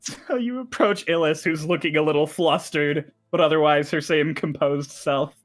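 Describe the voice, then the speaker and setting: A man narrating as game master, telling the story in a quick, excited way. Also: on the high side, soft background music.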